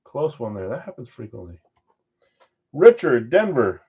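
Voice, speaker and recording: A man hosting a live-stream card break, briskly calling out names and assignments with chatty asides in between. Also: medium pitch, big pitch swings, a little mellow, husky, lo-fi sound. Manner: brisk name-and-team roll call with chatty asides. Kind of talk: casual live-stream roll call.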